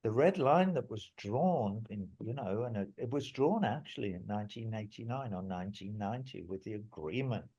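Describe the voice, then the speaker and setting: A man's voice: on the low side, animated, moderate pace, few pauses, mellow, slightly rough, highs cut off. An older man, a musician guest in an interview, telling stories in a rambling, emphatic way and swearing now and then. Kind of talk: interview storytelling.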